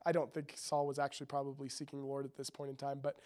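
A man preaching in a relaxed, chatty way, reading scripture aloud and breaking off for joking asides to his listeners. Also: medium pitch, fast talker. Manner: chatty, jokey asides to the audience. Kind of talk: casual sermon with scripture reading.

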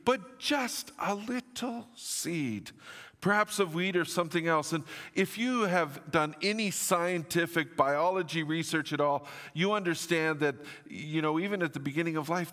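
A middle-aged man preaches to his congregation in a slightly high voice. He is earnest and rises to emphatic, declaring lines. His words ring out through the long reverb of a church hall. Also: a bit bright. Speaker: pastor. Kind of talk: sermon.

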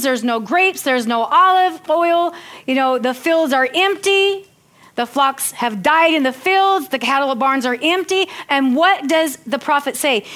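A woman's voice: sits high, a bit bright. A woman preaching a sermon, reading scripture earnestly and breaking into chatty, laughing asides.

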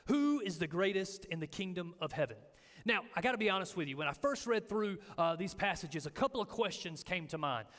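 A man preaching a sermon as pastor, telling stories and acting out the quotes with lively energy. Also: sits high. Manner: animated storytelling, acting out quotes. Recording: echoey hall with long reverb.

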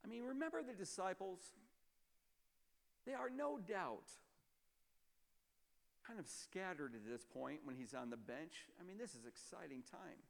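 A man preaching a sermon as a pastor, emphatic and explanatory, often dropping to a low, quiet voice. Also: lively intonation, unhurried, gravelly, long pauses, big-room sound.

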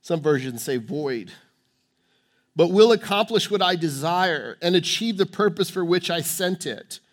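A man's voice: high voice, lively intonation, a little slow. A pastor preaching a sermon in church, emphatic and repetitive, often restarting his sentences.

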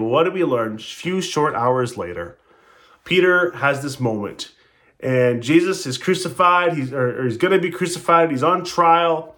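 Male pastor, slightly higher voice, conversational sermon, acts out quoted lines with shifting emphasis. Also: a bit bright. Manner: storytelling, acting out quotes with rising and falling emphasis; conversational, with restarts.

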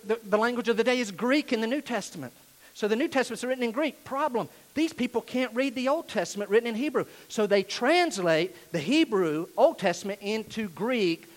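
High-voiced preacher man. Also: rough recording. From Asheville, North Carolina, USA. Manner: emphatic, swings between loud declarations and hushed asides. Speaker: pastor. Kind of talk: sermon.

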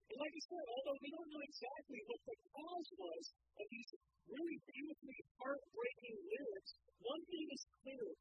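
High-voiced woman preaching earnestly. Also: expressive, moderate pace, dry recording. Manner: earnest, pleading, rhetorical questions. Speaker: Bible teacher. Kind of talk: sermon. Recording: dry, dull lo-fi recording.

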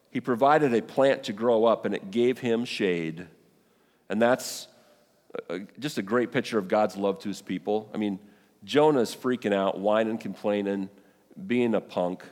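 Pastor guy preaching, middle pitch, animated and punchy, big echoey church hall. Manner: animated, paraphrases scripture in voices, exclamatory. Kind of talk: sermon. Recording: long hall reverb.

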